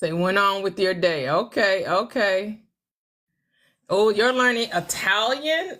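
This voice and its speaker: A woman in her forties hosting a casual livestream, laughing often as she answers viewer comments and tries out halting schoolbook French. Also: mid-range voice, sing-song, sharp tone. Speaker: livestream host. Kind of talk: casual live chat reading viewer comments.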